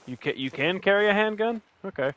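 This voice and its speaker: With a high, fairly bright voice, a West Virginian man talks a little fast and animatedly as he streams a hunting game. His casual commentary rambles and jokes, with many false starts, all in his home state's accent.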